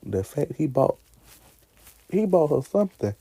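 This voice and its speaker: A man in his twenties chatting casually in a vlog, animated, talking back to characters and laughing often. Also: a little high, measured pace, breathy edge, no echo. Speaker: vlogger ranking favorite movies. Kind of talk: casual chat.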